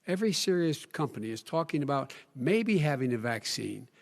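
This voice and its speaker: An older man speaking earnestly in a televised debate, often repeating phrases and dropping to low, emphatic tones. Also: sing-song, a little fast, vocal fry. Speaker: presidential candidate. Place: large debate hall. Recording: long hall reverb.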